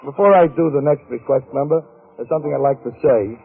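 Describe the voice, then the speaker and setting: A middle-aged man hosting a radio comedy show, giving a deadpan mock lecture with songs, on an old broadcast recording. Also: mid-range voice, fast talker, gravelly, narrow, tinny audio, loud music behind the voice. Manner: deadpan mock-scholarly delivery.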